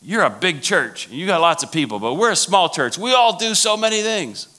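A man's voice: big pitch swings, fairly quick, pushed and bright, exaggerated voice. A man mimicking an upset small-church woman. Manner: pitched up, protesting.

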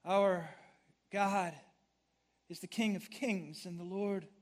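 A man pastor preaching a sermon, telling a story dramatically and swinging from hushed words to loud, blunt exclamations. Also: high-pitched, steady tone, takes it slowly. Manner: conversational, blunt.

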